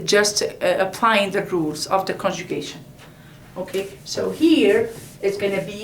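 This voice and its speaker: A woman teaching a language lesson, explaining slowly and repeating each word several times. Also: medium pitch, far from the mic, slight background noise. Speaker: Arabic teacher. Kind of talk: slow classroom explanation at a board. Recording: echoey room, voice from off-mic.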